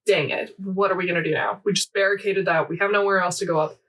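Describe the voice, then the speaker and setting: Recapping a game event on a casual podcast, this young woman co-host rambles with energy, piling on fillers and quoted lines. She speaks quickly in a lowish, steady, fairly bright voice, sounding far from the microphone.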